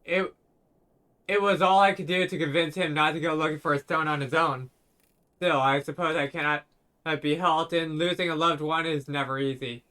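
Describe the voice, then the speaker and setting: A man reading out a weary adult church brother in a fantasy game, formal and measured. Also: on the high side, fairly even intonation, pushed and bright.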